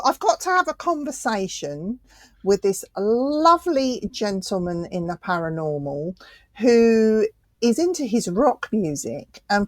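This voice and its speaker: Woman co-host, lively pitch, unhurried playful chat, dry sound. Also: no echo. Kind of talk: casual chat.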